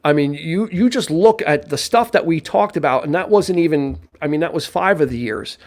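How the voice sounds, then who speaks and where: A man co-hosts a live-streamed film podcast, chatting casually about films in a rambling way with many restarts and playful jokes. His voice is fairly high-pitched, at a moderate pace.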